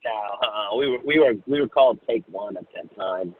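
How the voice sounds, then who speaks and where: Husky man telling a story over a phone line. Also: medium pitch. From Oklahoma, USA. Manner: halting, many fillers and restarts. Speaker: guest, singer. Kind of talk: casual storytelling.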